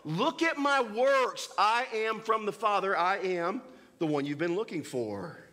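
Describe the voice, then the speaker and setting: A man's voice: high-pitched, animated, unhurried, bright, forceful tone, exaggerated voice. A man voicing Jesus as a patient man pleading with doubters, in an earnest, emphatic tone.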